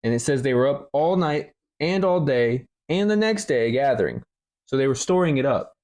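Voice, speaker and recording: A man's voice: mid-range voice, lively intonation, normal speed, a little mellow. A man co-hosting a casual Bible study chat, explaining scripture plainly and arguing his points. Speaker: co-host of a Bible study podcast.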